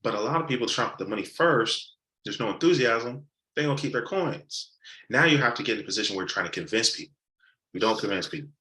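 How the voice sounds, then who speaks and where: A man's voice: medium pitch, fast. A man teaching a live sales training session, acting out customer conversations and repeating key points for emphasis. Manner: animated, acts out customer dialogues. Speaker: sales coach. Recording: roomy echo.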